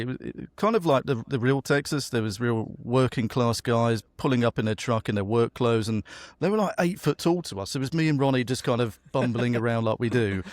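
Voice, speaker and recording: A man's voice: mid-range voice, no room sound. A man with a British accent hosting a casual interview, chatty and friendly. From Britain. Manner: chatty, friendly, says mate. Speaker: podcast host.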